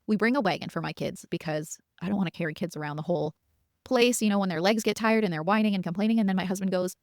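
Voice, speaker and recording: A woman in her thirties, hosting a podcast, tells a personal story fast and chattily in a mid-range voice with a darkish tone. She laughs occasionally and quotes her own thoughts along the way. The recording is dry, with clean studio sound.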